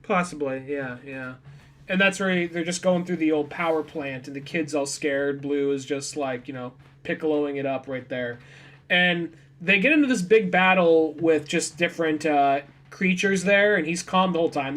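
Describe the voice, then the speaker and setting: A man's voice: on the high side, moderate pace, a bit bright. A young man co-hosting a podcast, casually retelling comic scenes and quoting the dialogue. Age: young adult. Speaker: podcast co-host. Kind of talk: casual chat.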